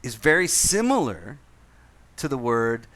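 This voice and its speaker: A man's voice: mid-range voice, sing-song, a little slow, fairly bright tone. A man hosting a casual podcast chat, telling a profane anecdote with lots of repeated words and laughter. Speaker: podcast host. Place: lived in Indonesia.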